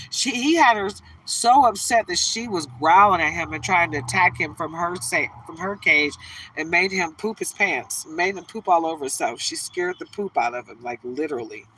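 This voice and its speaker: Bright-voiced chatty woman reader. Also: fairly low pitch, slightly rough, distant mic, poor audio. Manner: chatty, laughs often, drifts into storytelling. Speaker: tarot reader. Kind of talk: casual reading and chat.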